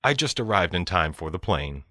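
A man reading short example sentences slowly and carefully for a language lesson. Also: low-pitched, very animated, pushed and bright, no echo, clean studio sound. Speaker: sentence reader.

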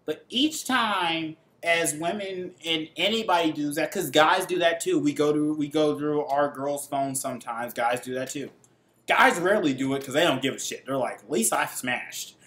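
A man's voice: on the high side, moderate pace, fairly bright tone. Young male vlogger, rambling profane rant, echoey room. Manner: profane, rambling, acts out quoted voices. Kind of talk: casual ranting monologue.

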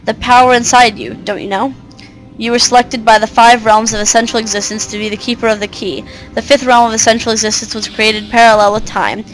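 A woman's voice: on the high side, little pitch movement, a little fast, faint music behind, close to an everyday voice, rough recording. Woman reading as a scornful mother of darkness. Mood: haughty. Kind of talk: reading game dialogue aloud.

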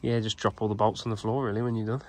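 A man hosting a workshop video, explaining each step in a relaxed, wry way as he works on a big engine. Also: on the low side, very fast. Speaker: host mechanic. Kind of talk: casual hands-on workshop commentary. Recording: noisy workshop recording.

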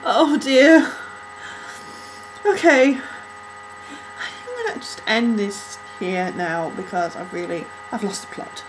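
A woman gushing over a music video in an excitable, flustered reaction vlog, out of breath and struggling to calm down. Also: a little high, takes it slowly, pauses often, a little hiss or hum, poor audio.

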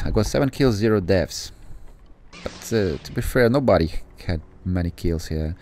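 Deep-voiced excitable gaming commentator man. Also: moderate pace, no room sound. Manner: excitable, swears then apologizes, rambling asides. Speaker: gameplay commentator.

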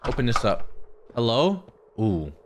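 A man's voice: mid-range voice, sing-song, a little slow, a little hiss or hum. A man giving panicky, swearing commentary to himself while playing a horror game. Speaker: gaming YouTuber.

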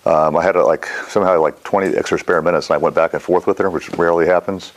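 A man's voice: sits low, fast, lo-fi sound. A middle-aged man teaching a mindfulness class in a casual, rambling way, often quizzing his students. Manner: rambling, animated, asks the class questions.

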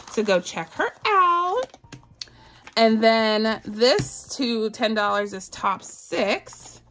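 A Southern American woman hosts a cash budgeting vlog, chatting casually, giggling, and calling her viewers "y'all" in a bubbly way. Her voice is a little high, pushed and bright, with slight background noise.

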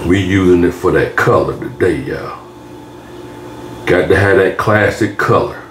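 A man's voice: low voice, unhurried, reverberant, background noise. A man hosts a cooking video in a home kitchen, talking in a laid-back drawl and saying y'all often. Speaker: cooking channel host. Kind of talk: casual cooking tutorial narration.

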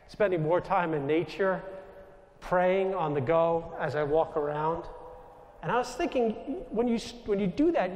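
A man in his thirties, a Jesuit priest with a New York accent, telling lively stories to a live audience. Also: high voice. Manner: animated anecdotal storytelling, asides to the audience. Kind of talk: storytelling talk to a live audience. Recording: reverberant hall.

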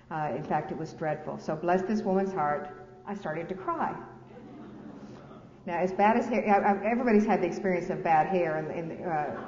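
A woman author reads from her memoir to an audience in a large lecture hall, adding candid, self-deprecating asides and laughing. Her voice is fairly low and a little mellow. The recording is echoey and dull, with a lo-fi quality and faint hiss.

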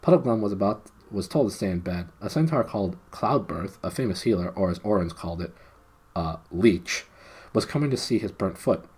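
A man's voice: deep voice, lively intonation, a little fast, darkish tone, breathy edge. A man reading a children's novel aloud on a live stream, with playful self-mocking asides. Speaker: storybook reader and live streamer.

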